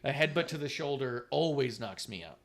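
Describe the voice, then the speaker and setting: A man co-hosting a casual talk stream, animated and profane, who often mimics others in a mocking voice. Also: mid-range voice, moderate pace, a crowd in the background. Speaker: podcast co-host. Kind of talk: casual chat. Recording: online stream.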